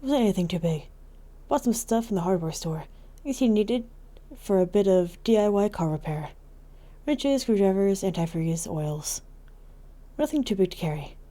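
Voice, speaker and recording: A woman hosting a gaming channel, reading the narration of a visual novel aloud in a calm, soft storytelling way. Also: mid-range voice.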